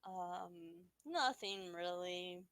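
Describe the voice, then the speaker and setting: A woman narrating as dungeon master of a tabletop game, relaxed and often laughing, with frequent fillers. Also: on the low side, drawn-out words, clean tone, no echo, poor audio.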